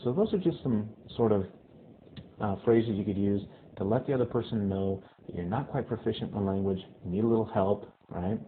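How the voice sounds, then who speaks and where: A male Spanish teacher giving a casual video lesson who often checks in with "okay?" and repeats phrases slowly. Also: lowish voice. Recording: tinny phone-like lo-fi audio with faint hiss.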